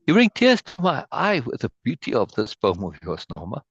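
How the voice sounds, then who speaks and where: Man, gravelly voice, lively pitch, effusive and emotional, repeats himself, dry lo-fi call audio. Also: normal speed, few pauses, no room sound. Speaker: spiritual group leader. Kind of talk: reading a poem aloud and praising it in an online meeting. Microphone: video call.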